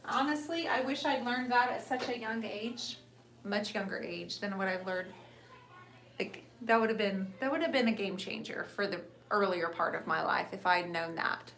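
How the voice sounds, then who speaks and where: A middle-aged woman hosting a live painting show, chatting warmly and encouraging viewers, calling them sister and honey. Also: mid-range voice, moderate pace, creaky. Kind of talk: live painting stream chat. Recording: echoey room with faint noise.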